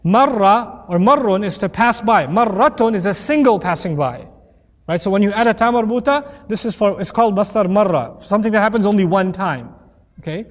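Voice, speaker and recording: A man teaching a lecture on Quranic Arabic, animated and playful, acting out quoted voices as he explains. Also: sits high, fairly quick, big-room sound.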